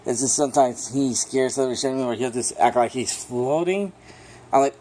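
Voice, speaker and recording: Man, casual film review, mid-pitched voice, rambling, excitable, swears a lot, heavy fillers. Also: normal speed. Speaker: movie reviewer.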